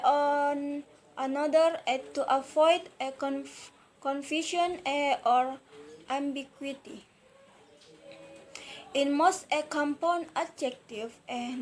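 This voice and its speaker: A woman's voice: sits high, low-quality recording. A young woman whose first language is Indonesian, presenting a student lesson on word stress, hesitant, with many fillers and careful repeated words. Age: young adult.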